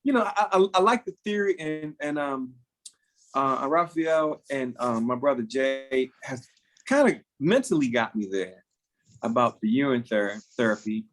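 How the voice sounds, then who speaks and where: A man from Miami hosting a podcast, animated and joking, often laughing as he talks. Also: mid-range voice, a little slow. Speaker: podcast host. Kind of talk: casual podcast conversation.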